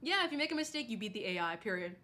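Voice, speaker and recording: A woman's voice: on the high side, big pitch swings, rapid-fire, bright, forceful tone. Chatty woman streamer reading chat. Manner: chatty, laughs often, says "like" and "girl" a lot. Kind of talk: casual livestream chat, reading chat aloud.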